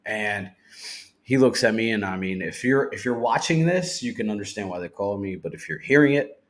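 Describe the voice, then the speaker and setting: A man's voice: lowish voice, animated, moderate pace. A man recounting his recovery story to a podcast host, speaking candidly and swearing freely as he quotes what people said. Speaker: podcast guest. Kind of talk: personal recovery testimony.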